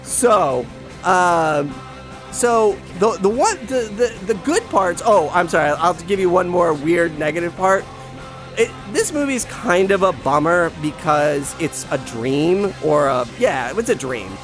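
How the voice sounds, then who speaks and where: A man's voice: sits high, animated, unhurried, a bit bright, faint music behind. A man casually reviewing a movie, rambling with many fillers and restarts, wryly griping. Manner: wry, playfully griping. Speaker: film reviewer.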